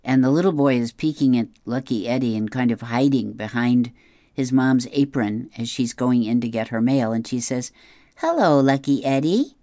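A middle-aged woman reading newspaper comics aloud, describing each panel in a relaxed, amused way. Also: rumbling low, moderate pace, dry recording, clean studio sound. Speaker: comic strip reader.

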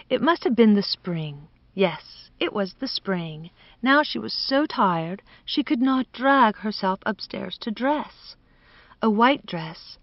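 A woman narrating a literary audiobook in an expressive, measured reading. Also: medium pitch, no room sound. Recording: dull, dry studio recording.

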